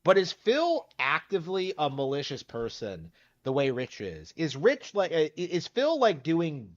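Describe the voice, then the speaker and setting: A man's voice: on the high side, wildly swooping pitch, a little slow. A man comments on other online figures, rambling and hedging with constant filler words. His audio sounds dull and muffled, as if played from a video.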